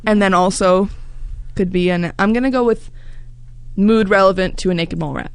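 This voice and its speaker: A woman in a casual podcast chat, cracking quick teasing jokes. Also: medium pitch, clear, resonant tone, no echo. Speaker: podcast co-host.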